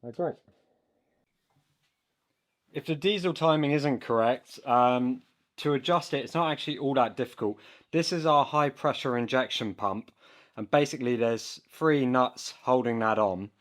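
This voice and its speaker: A man narrating a hands-on engine repair tutorial, explaining step by step while he works and often pausing with an um. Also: mid-range voice. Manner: explains step by step while working, with frequent ums. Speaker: DIY boat engine tutorial maker.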